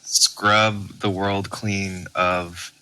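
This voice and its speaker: A man's voice: deep voice, little pitch movement, extremely slow, sharp tone, no room sound, poor audio. A man co-hosting a podcast in casual chat, adding dry, wry asides. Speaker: podcast co-host.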